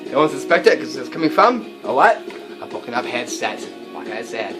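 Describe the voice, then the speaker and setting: A man's voice: medium pitch, very animated, a little fast, over music. A man hosting a prank tutorial, explaining with enthusiasm and plenty of fillers as he shows his props. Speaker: magic and prank video host. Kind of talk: how-to demonstration.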